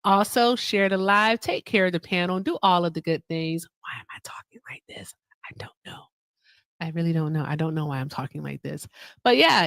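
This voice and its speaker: A woman's voice: mid-range voice, fairly bright tone, clean tone, no room sound. A woman hosting a casual live stream, joking with her audience and laughing often. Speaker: livestream host.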